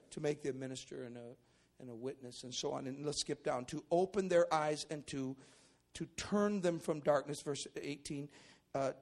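A man, a pastor preaching a sermon in a church service, who swings from quiet asides to shouted exclamations and often repeats and restarts his words. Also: fairly high pitch. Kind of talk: sermon with Bible reading.

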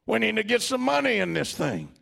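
Preacher doing a blustering, brash disciple. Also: male voice, high-pitched, wildly swooping pitch, fairly quick, creaky, voice pushed up, heavily acted. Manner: loud and blustering. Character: brash, impulsive adult male disciple with burly chest.

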